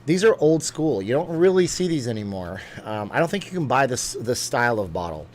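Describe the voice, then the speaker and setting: A man's voice: mid-range voice, sing-song, slight background noise. A man hosting a casual live-stream chat, rambling from one topic to the next. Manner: rambling, chatty, quick asides and laughs.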